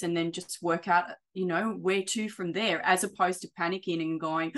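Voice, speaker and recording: A woman chatting casually as an interview guest, acting out quoted conversations in an animated way. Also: fairly low pitch, moderate pace, few pauses. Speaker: property investor client.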